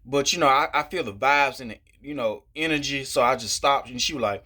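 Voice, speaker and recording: Bright-voiced man ranting in a vlog. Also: medium pitch, brisk, few pauses. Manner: rambling, with constant "you know" fillers and repeated restarts; profane and openly frustrated. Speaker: vlogger. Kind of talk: casual ranting monologue.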